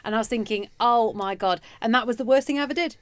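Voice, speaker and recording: A British woman radio host telling a story in casual studio chat, animated and laughing often. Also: a little high, fast, dry recording.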